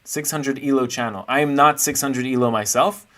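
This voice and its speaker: A man's voice: mid-range voice, normal speed, fairly bright tone. Chatty male chess streamer. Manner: chatty, playful, thinks aloud while searching. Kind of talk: casual live stream chat.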